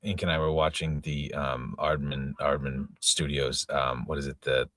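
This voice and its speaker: A man's voice: extremely low pitch, little pitch movement, normal speed, a bit bright, dry recording. A man in his forties from the United States, chatting casually on a live stream with dry joking asides. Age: 40s. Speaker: livestream co-host. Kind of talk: casual livestream chat.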